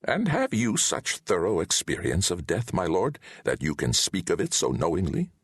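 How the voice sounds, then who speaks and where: A man voicing an old male wizard who speaks with calm, patient insistence, raising his voice to a higher pitch. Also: moderate pace, husky, no room sound, clean studio sound, heavily acted. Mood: calm, insistent.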